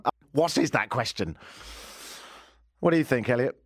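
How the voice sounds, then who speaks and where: A man's voice: medium pitch, lively intonation, normal speed, pauses often, breathy edge, no echo. A man with an English accent hosting a radio show in a studio, joking and sarcastic. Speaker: radio host. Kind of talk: casual radio chat. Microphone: studio mic.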